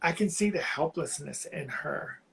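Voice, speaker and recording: A man calling in to a live reading, sharing something painful in a halting, heartfelt way while close to tears. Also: on the high side, gravelly, a bit bright, low-quality recording. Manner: halting, heartfelt, slow, often restarting phrases. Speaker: caller on a live psychic reading. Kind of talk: emotional personal sharing.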